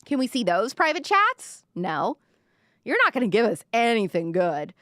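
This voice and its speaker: A woman's voice: a little high, very animated, moderate pace, fairly bright tone, no room sound, clean studio sound. A woman hosting a live-stream commentary show, talking sarcastically and mockingly. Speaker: podcast host.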